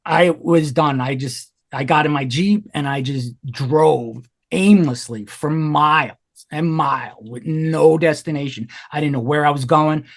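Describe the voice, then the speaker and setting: A man's voice: a little high, measured pace, few pauses. Candid man in his forties, swearing. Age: 40s. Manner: candid and intense, swears, fillers of "like". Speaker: podcast guest. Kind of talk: emotional personal storytelling.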